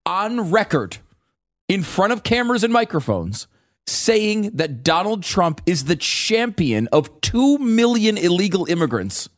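A man co-hosting a talk radio show who lays out his points deliberately and with emphasis. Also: high voice, sing-song, no room sound, clean studio sound. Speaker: radio co-host.

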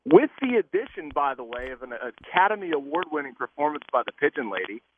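A male guest calls in on a tinny phone line with faint hiss behind him. His voice jumps around animatedly and sits fairly high for a man. He plays the good-natured defender in the banter. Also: sing-song, quick pace. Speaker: guest reporter. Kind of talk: casual radio interview banter.

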